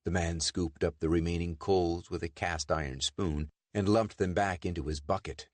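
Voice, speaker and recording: A man narrating a pulp adventure audiobook in lively storytelling. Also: sits low, normal speed, no echo. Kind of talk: scripted narration.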